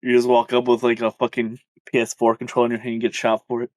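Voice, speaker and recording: A man's voice: mid-range voice, monotone, fast, dry recording. A young man co-hosting a podcast, teasing his friends with crude jokes and frequent laughter. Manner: teasing, laughs often, profane. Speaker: podcast co-host. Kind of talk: crude casual chat.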